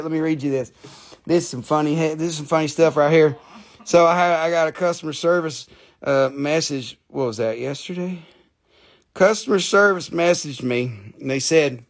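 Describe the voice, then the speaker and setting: A man with a gravelly, fry-laden voice that sits a bit high for a man. He hosts a live stream that sells crystals, and his patter rambles and jokes, with crude asides thrown in. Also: normal speed. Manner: joking, rambling, playfully crude. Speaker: host selling crystals and minerals.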